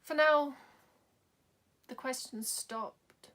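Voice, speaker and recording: A woman tells a personal story as a bereaved mother. She speaks softly, often sinks to a near-whisper, and has a bright voice that sits a little high. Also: drawn-out words. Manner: soft-spoken, drops to whispers.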